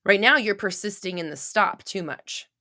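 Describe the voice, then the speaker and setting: A woman's voice: medium pitch, expressive, normal speed, sharp tone. A woman hosting a livestream who answers chat questions, talking bluntly with swearing, restarts and rambling asides. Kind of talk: casual livestream advice talk.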